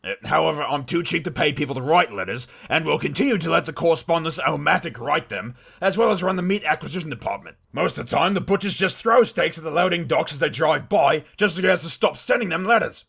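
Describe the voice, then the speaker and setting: A man's voice: fairly high pitch, animated, fast, vocal fry, few pauses, fairly bright tone, slightly rough, exaggerated voice. A man voicing a brash, boastful Australian company boss who reads out fan mail in character with a blustering, self-important manner. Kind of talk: comedic mail reading in character.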